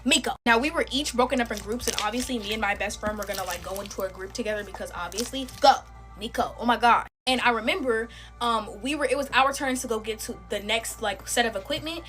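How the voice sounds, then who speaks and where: Young woman, fairly high voice, slangy storytime chatter over faint music. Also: fast. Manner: chatty and animated, slangy, talks to viewers as y'all. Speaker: storytime creator. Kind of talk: casual storytime chat while making slime.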